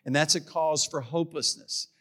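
A man's voice: a little high, steady tone, moderate pace, a bit bright. A middle-aged man preaching a sermon in a church, emphatic and repetitive, often tripping over his words. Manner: emphatic, repeats key phrases, stumbles on words. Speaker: pastor.

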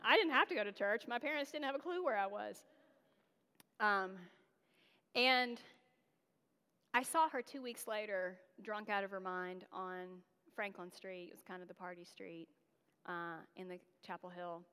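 A woman's voice: medium pitch, a little slow, sharp tone, smooth. Candid woman preaching in a reverberant hall. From North Carolina, USA. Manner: conversational and candid, with self-deprecating laughs and frequent fillers. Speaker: guest preacher. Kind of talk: storytelling sermon.

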